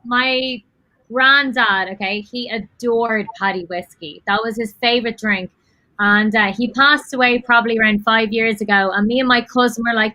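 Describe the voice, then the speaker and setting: A woman with a Dublin Irish accent, chatting as a guest on a live video call and telling animated stories with frequent laughter. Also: fairly high pitch, normal speed, no echo, poor audio. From Dublin, Ireland. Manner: animated storyteller, laughs often.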